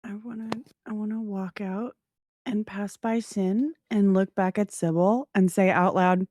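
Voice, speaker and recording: A woman's voice: medium pitch, fairly even intonation, unhurried, a little mellow, dry recording, clean studio sound. A woman playing in a live tabletop game, playful and laughing as she describes her move. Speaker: player. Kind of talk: casual tabletop play.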